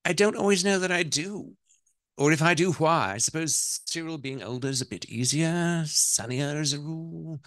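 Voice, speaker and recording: A gentle, anxious young English wife, as a man reads her aloud, softly hesitant in a put-on English accent. The voice is raised above his own, in a dry, close sound, like a storybook read aloud. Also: a little high, moderate pace, dry recording, voice pushed up. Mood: uneasy.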